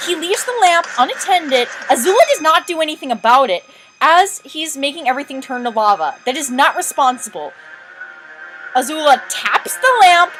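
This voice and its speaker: A high-pitched woman talks through a video in casual commentary, chatty and excitable, breaking off into quick asides. Faint music plays behind her. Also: poor audio.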